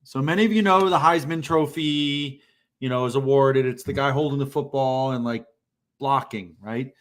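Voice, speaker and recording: A man's voice: medium pitch, moderate pace. A man co-hosting a job-search livestream, talking casually and bluntly, saying plainly what he thinks people need to hear. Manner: blunt, direct, self-described band-aid ripper.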